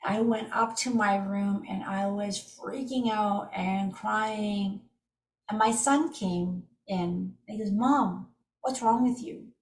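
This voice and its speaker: A woman's voice: medium pitch, slow pace. A middle-aged woman teaching tapping in a live online workshop over a video call, speaking vividly. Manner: animated, vivid, acts out strong emotions while demonstrating. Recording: roomy and distant from the mic.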